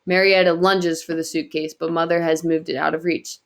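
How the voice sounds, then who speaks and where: A woman reading a novel aloud in quiet, earnest first-person narration. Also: low voice, little pitch movement, moderate pace, creaky. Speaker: audiobook reader.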